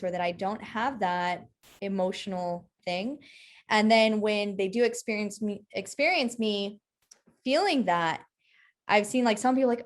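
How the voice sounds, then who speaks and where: A woman's voice: mid-range voice, moderate pace. Chatty woman explaining human design. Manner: explanatory, checks in with "right?" often. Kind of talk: casual teaching chat.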